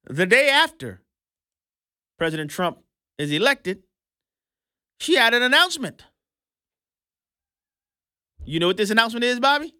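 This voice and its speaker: A man hosting an opinionated commentary show, emphatic and sarcastic, swinging between loud and hushed. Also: very high-pitched, very animated, unhurried, long pauses, clear, resonant tone, no room sound, clean studio sound.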